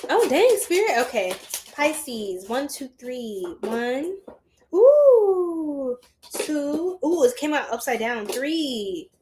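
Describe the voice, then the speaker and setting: Female tarot reader talking to her audience, loose and playful, slightly high-pitched. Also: big pitch swings, slow, a little mellow, slight background noise. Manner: chatty and slangy, laughing often. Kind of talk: casual tarot reading to viewers.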